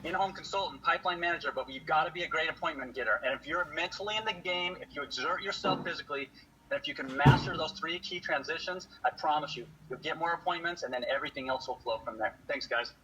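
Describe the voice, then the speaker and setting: A man giving an energetic sales training talk to his team, acting out lines he uses with customers. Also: a little high, fast. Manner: energetic, acts out customer dialogue. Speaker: solar sales presenter. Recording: slightly dull audio, faint noise.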